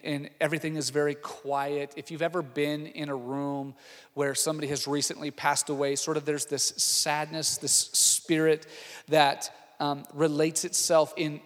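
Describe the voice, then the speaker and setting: High-voiced pastor preaching in an echoing hall. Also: male voice. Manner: animated storytelling, shifts from hushed to shouting. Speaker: lead pastor. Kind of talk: sermon. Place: church auditorium. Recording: long hall reverb with faint music.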